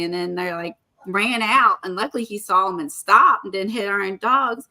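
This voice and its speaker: Woman vlogging, chatty and rambling, lots of ums, bright kinda sharp voice. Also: medium pitch, moderate pace. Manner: chatty storytelling with many fillers. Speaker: art vlogger. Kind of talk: casual chat.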